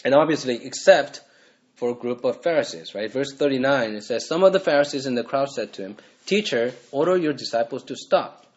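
A man's voice: medium pitch, expressive, fairly quick, muffled recording. A man, a pastor, preaching a sermon in a conversational way, often asking the congregation rhetorical questions.

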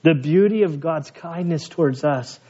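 A man's voice: on the high side, moderate pace, dark tone. A man preaching an expository sermon in a church, conversational with joking asides. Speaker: pastor. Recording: dull lo-fi sermon recording.

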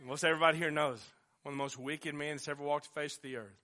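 High, bright-voiced preaching man. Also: fairly even intonation, fast talker. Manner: impassioned preaching, swinging from hushed to loud. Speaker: pastor. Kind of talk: sermon.

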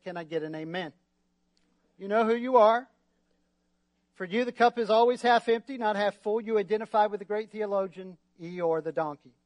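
High-voiced pastor with a joking, lively sermon. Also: male voice, no echo. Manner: lively, joking, asks the crowd for responses. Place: church.

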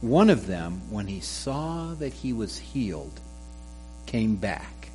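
A man's voice: medium pitch, darkish tone. A man preaching a sermon, telling a joke with character voices before reading scripture and explaining it. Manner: slow, measured delivery with a joke told in voices. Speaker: pastor. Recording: faint mains hum.

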